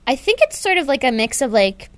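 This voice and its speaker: A giggly co-host chatting casually, her speech peppered with "like." She is a woman with a fairly high, bouncy voice that swings up and down freely. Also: sing-song, a little fast, smooth. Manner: giggly, chatty, heavy use of "like" fillers. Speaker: web show co-host. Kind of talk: casual chat.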